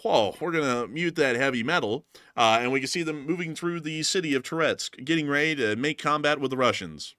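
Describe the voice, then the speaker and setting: A man's voice: on the high side, fairly quick, hardly any pauses, no echo. A man hosting a war news show, giving casual, joking commentary over battle footage. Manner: joking, animated, self-mocking.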